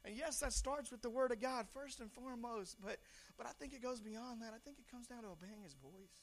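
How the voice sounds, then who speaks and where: High, gravelly, animated young male preacher. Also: brisk. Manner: conversational, animated, repeats words, shouts punchlines. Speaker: pastor. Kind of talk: sermon.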